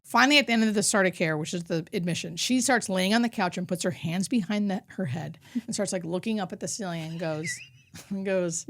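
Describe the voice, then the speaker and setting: A woman hospice nurse, a guest on an interview show, telling stories in a casual, animated way and acting out what people said. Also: on the low side, fairly quick. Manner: animated storyteller, acts out quotes.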